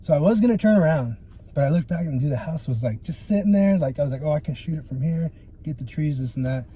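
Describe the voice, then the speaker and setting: Speaking quickly with a breathy edge and a slightly high voice, a young photographer guests on a laid-back podcast. He tells his stories animatedly, cursing freely and saying "dude" and "like" all the time.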